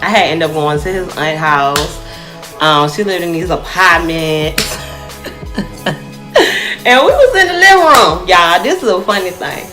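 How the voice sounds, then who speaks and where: A young woman telling a personal story to her viewers in a casual, animated way, often calling them y'all. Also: on the low side, unhurried, pauses often, soft background music.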